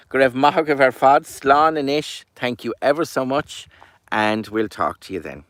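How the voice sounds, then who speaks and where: An Irish man tells a folk tale with lively, animated delivery. He drops his voice low and quiet at times. His voice sits at a middling pitch, and the sound is dry and close. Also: moderate pace, no room sound. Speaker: storyteller.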